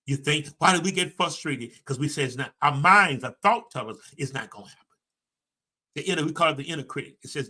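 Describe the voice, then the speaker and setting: Emphatic motivational speaker, bright voice. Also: male voice, on the high side, lively intonation, fast talker, breathy edge. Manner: preachy, emphatic, folksy, addresses listeners directly. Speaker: personal development coach. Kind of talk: motivational livestream talk.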